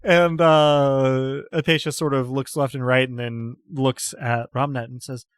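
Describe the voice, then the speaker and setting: A man's voice: medium pitch, steady tone, measured pace, clear, resonant tone, dry recording, studio quality. A man narrating as game master, loosely, with many fillers.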